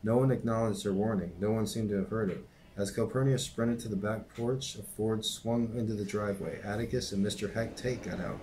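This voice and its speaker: Lowish-voiced man reading a novel aloud. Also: slight background noise, rough recording. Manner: steady, unhurried narration. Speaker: reader and teacher.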